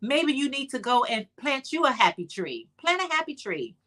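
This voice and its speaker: Chatty, bright-voiced woman livestream host. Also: high voice, very animated, moderate pace. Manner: chatty, playful, talks straight to viewers; sassy, teasing asides. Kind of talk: casual live chat.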